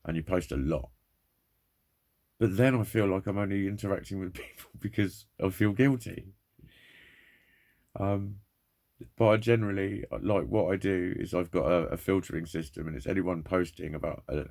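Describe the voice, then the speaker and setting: A man talks straight to camera in a low, gravelly voice. He rambles, swears often and sounds worn down by pain and frustration. His delivery is candid and unpolished. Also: darkish tone. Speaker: vlogger. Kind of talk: candid personal monologue.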